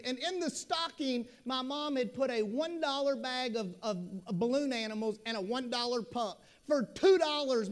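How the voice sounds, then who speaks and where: A middle-aged man giving a conference keynote, telling stories in a folksy, animated way with asides to the audience. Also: very high-pitched. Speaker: school superintendent giving a keynote. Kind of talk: storytelling conference talk.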